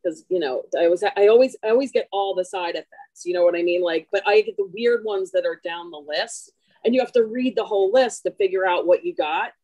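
A woman's voice: medium pitch, a little fast, warm tone, no echo, low-quality recording. A woman on a video call, sharing her drawing in a chatty, self-deprecating way and telling a story with animation. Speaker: workshop participant. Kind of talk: casual show-and-tell.

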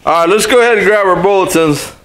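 A man's voice: sits high, fast talker, a bit bright, poor audio. An older man preaching a sermon as pastor, telling folksy stories and repeating phrases for emphasis.

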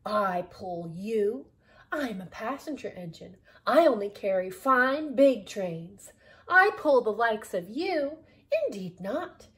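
A woman voicing a proud, snobbish male passenger engine in a storybook, speaking slowly and dismissively. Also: mid-range voice, lively intonation. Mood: snooty. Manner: haughty, slow and dismissive.

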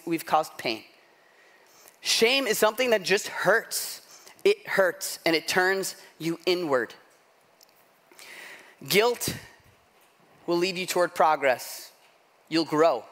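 A man's voice: high voice, a little slow, pauses often, fairly bright tone. A middle-aged man preaching a sermon, telling a self-deprecating story in a loose conversational way, often asking "right?". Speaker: pastor.

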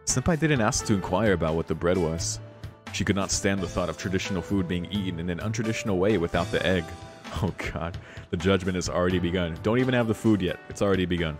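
Low-voiced guy reading a visual novel, swearing and laughing between lines, music going behind him. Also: fast talker. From United States. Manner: reads the text then breaks off into swearing, laughing commentary. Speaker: visual novel let's player.

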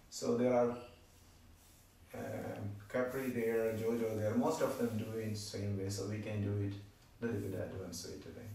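A man teaching a yoga class, giving slow, gentle, soothing cues with non-native grammar. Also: fairly low pitch, level tone, slight background noise. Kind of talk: guided yoga class instruction. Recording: roomy echo from far off the mic.

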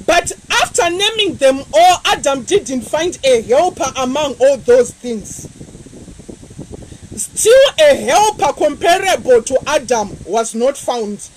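A woman evangelist, preaching a sermon with animated, repetitive emphasis. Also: high-pitched, slow, a little hiss or hum, poor audio. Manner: animated preaching, repeating phrases.

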